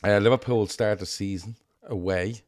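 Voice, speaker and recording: Male podcast co-host, lowish voice, loose rambling delivery, dry mic. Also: fairly even intonation, normal speed, no room sound. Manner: rambling, many ums and restarts. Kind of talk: casual chat.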